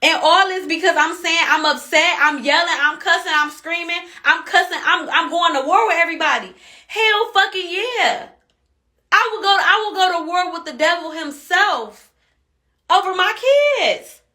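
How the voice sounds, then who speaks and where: A woman's voice: extremely high pitch, normal speed, pushed and bright. A woman venting as an angry mother in a social media rant, heated and cussing, repeating herself while upset.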